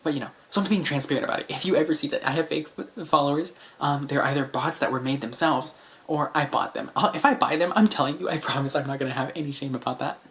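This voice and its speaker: Soft-spoken, chatty young man vlogging. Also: a little high, fast. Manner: chatty, filler-heavy with frequent "like"; speaking softly late at night. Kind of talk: casual rambling monologue to camera. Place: indoors at home at night under a lamp.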